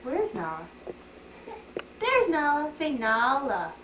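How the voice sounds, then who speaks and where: A woman with a high, lively voice coaxes her toddler at a slow, patient pace, repeating each prompt in a sing-song way. It sounds like an old home camcorder tape, echoey, with steady background noise. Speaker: mother filming her toddler. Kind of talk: home video chat with a toddler. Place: family home, indoors. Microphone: camcorder microphone.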